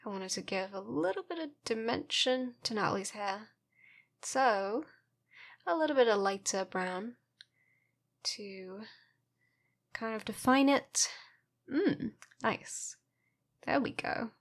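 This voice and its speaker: A woman's voice: medium pitch, lively intonation, takes it slowly, long pauses. A woman narrating her painting in a casual voice-over, playful and self-mocking, sleepy from having just woken up.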